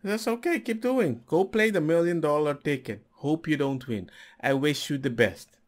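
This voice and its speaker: A man's voice: on the high side, moderate pace. A man hosting a reaction video who comments in an indignant, sarcastic way. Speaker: host reacting to a clip.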